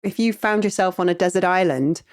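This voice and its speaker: A woman hosting a podcast, bubbly and quick to laugh at herself in casual chat. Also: on the low side. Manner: bubbly, giggly, self-mocking. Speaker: podcast host.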